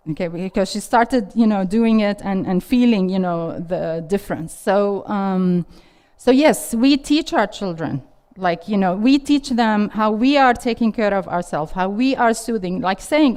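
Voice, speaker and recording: In an animated, mid-range voice that is clean and slightly mellow, a middle-aged woman teaches parenting to a live classroom audience at a normal speed. It's an interactive workshop where she restates people's questions and cheers them on.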